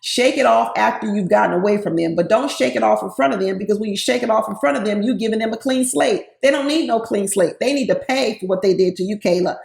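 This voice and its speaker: Woman, reality-TV recapper, sassy and direct, a bit of fry, echoey room. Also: mid-range voice, fast talker, hardly any pauses, a little mellow. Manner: sassy, talks straight to her viewers. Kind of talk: casual opinionated commentary. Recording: roomy echo.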